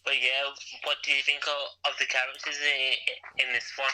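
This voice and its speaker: A man's voice: medium pitch, monotone, moderate pace, sharp tone, slight background noise, low-quality recording. A man chatting casually about a TV series, hesitant and stumbling over his words. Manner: hesitant, full of stammers and restarts. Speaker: podcast co-host reviewing a TV series. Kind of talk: casual chat.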